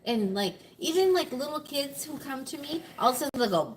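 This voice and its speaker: Woman, teacher, animated, blunt, teasing, lively pitch, faint background noise. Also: a little fast, few pauses, rough recording. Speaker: teacher, co-host guest. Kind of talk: casual livestream banter.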